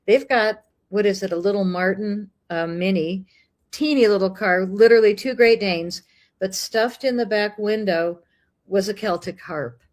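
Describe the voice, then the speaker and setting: Brief: middle-aged American woman, animated storyteller, mid-pitched, chatty. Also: moderate pace. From United States. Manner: lively, animated, acts out dialogue. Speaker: guest. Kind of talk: casual storytelling chat.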